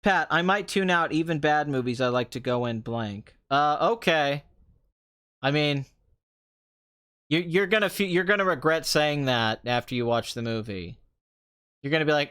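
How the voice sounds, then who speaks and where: Host type, young man, sarcastic ranter, a bit high-pitched, casual commentary. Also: moderate pace, clear, resonant tone. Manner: sarcastic, ranting, animated with mocking asides. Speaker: movie review podcast host.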